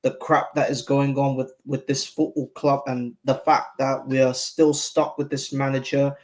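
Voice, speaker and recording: A man's voice: mid-range voice, level tone, moderate pace, darkish tone. A man who is a regular guest on a fan show, giving frank opinions in a rambling way with lots of "like". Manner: frank, rambling, heavy use of "like". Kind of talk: casual opinion chat.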